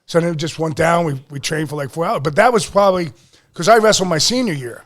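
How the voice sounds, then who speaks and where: A middle-aged man from Pennsylvania hosting a podcast, telling a story in a casual, animated, profane way and acting out what people said. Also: on the high side. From Lehigh Valley, Pennsylvania. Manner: animated, profane storyteller who acts out quotes. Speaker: podcast host.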